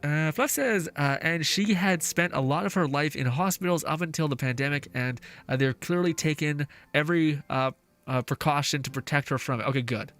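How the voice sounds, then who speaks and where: A man chats through a relaxed live stream as he plays, reading viewers' messages aloud and laughing between swears. His voice sits a little high for a man and sounds bright and forceful. Faint music plays quietly underneath. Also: moderate pace. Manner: swears often, reads chat aloud, laughs easily. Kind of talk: casual live-stream chat while gaming. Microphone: face mask on while talking.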